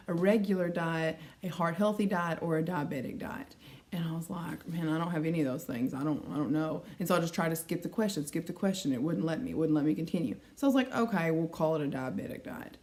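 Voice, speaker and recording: A woman's voice: on the low side, fast, darkish tone. A woman in her thirties, talking casually in a vlog, retelling conversations with frustration and acting out both sides. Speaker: weight-loss vlogger.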